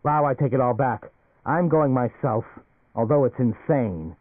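A man's voice: mid-range voice, a little slow, dry recording, pitched above the performer's own voice, natural voice. A man voicing an anxious male business executive who talks in agitated, rising outbursts. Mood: resolved. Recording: phone-like narrow band, dry.

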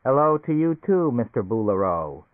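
A man's voice: mid-range voice, measured pace, no echo, natural voice. A man voicing a fussy, prim talking psychiatrist machine in an audiobook, over a tinny, phone-like recording. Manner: prim, chattering, giggly.

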